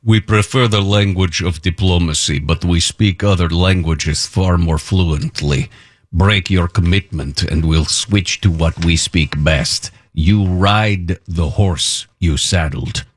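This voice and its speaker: A man's voice: low-pitched, dry recording, voice pushed down. A man doing a menacing official in a mock Russian accent. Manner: slow, ominous, drawn-out. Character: stern foreign male official threatening.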